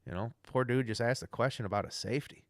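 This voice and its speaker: A man's voice: mid-range voice, fast talker, dry recording, clean studio sound. A young man rambling casually through a livestream rant, loose, chatty and profane. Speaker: livestream host.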